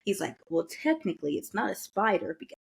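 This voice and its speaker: A young woman with an American accent tells a long story on a podcast, animated and chatty. Her pitch sits mid-range for a woman, and she slips into quoted voices of herself and others. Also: fast, creaky, a little hiss or hum. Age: young adult. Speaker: podcast co-host. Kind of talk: casual storytelling chat.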